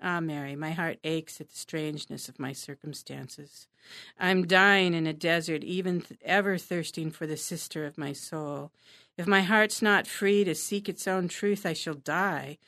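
A woman's voice: low-pitched, measured pace, fairly bright tone, dry recording, studio quality. A woman reading as a brooding young male poet. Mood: impassioned. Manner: dramatic, impassioned reading.

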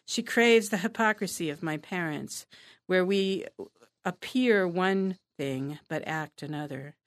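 A woman's voice: on the low side, measured pace, dry recording, clean studio sound. A woman reading as a brooding young male poet. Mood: impassioned. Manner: dramatic, impassioned reading.

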